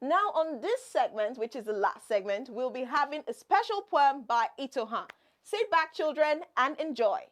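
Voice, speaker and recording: A woman's voice: sits high, expressive, normal speed. A woman hosting a children's Bible program. She asks the children questions, then answers them herself and repeats the key points with emphasis. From Nigeria.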